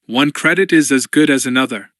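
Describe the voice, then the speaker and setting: A man's voice: medium pitch, brisk, fairly bright tone, no room sound, clean studio sound, lightly acted. A man voicing a confident young male pilot who talks in a breezy, self-assured way in an audiobook.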